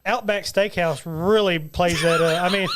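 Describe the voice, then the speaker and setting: A man co-hosting a casual studio podcast, rambling and reciting lyrics slowly. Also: high-pitched, fairly even intonation, fairly bright tone. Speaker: podcast co-host.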